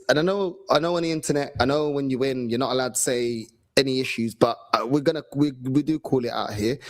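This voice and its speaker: A man in a mid-pitched voice reviews a match as a fan. He lists his team's faults one after another, critical and frank. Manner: critical, lists problems point by point. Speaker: fan channel co-host.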